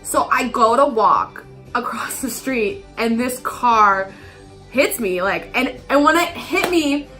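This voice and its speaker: A young woman tells a story in a loose, chatty way, her voice bright and fairly high, with "like" dropped all through it. She acts out the people in her story as she goes. Soft music plays behind her. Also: animated, takes it slowly. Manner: chatty, heavy use of "like", acts out quotes. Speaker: vlogger. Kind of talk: casual storytime monologue.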